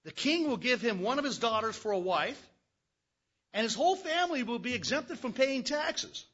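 A man's voice: very high voice, lively intonation, normal speed, fairly bright tone, highs cut off, voice pushed up, heavily acted. A man voicing an eager soldier passing on news while reading a Bible story aloud. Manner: eager, gossipy. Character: excited gossiping soldier, man.

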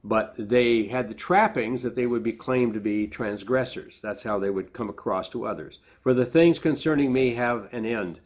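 A man's voice: mid-range voice, normal speed, hardly any pauses. A man preaching a sermon, reading scripture aloud with lifted emphasis and then explaining it in plain, conversational asides. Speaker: pastor.

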